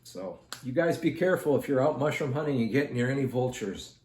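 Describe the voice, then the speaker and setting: A man's voice: mid-range voice, expressive, a little fast, darkish tone. Guy rambling thru a story while he draws, talks right to viewers, roomy echo, bit of hiss. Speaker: art channel host. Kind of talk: casual storytelling while drawing. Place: indoors at home. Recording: roomy echo with faint noise.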